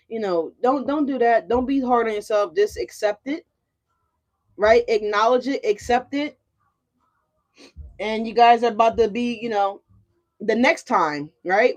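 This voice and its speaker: A woman's voice: on the high side, normal speed. Chatty, swearing woman tarot reader. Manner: chatty, profane, keeps asking "right?". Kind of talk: casual tarot reading to viewers.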